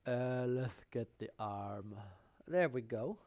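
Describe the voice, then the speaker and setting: A man's voice: mid-range voice, lively intonation, takes it slowly, a little mellow. A man hosting a live painting show, chatting and joking to himself as he paints, recorded in a painting studio. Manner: rambling, talks to himself while painting, joking asides. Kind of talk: live painting demonstration chat.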